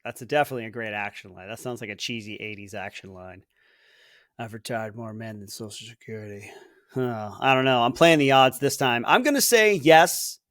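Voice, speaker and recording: A man's voice: medium pitch, expressive, fairly quick, hardly any pauses, a bit bright, no echo. Rambling man thinking aloud, dry sound. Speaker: podcast co-host, quiz contestant. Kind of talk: casual chat.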